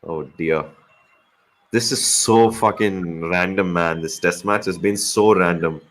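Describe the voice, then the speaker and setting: A man's voice: deep voice, slow. A man co-hosting a live cricket watch-along, chatting casually, joking and teasing his co-host while calling the play. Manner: joking, swears freely, teases co-host. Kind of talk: casual live-stream chat and commentary.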